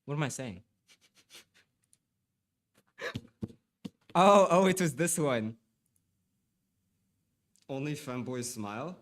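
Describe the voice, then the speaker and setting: A young man, mildly stuffy from allergies, reads aloud and makes casual conversation with his stream's viewers. His mid-range voice is expressive and slow, broken by long pauses, and he stammers, repeats himself, and apologizes a lot.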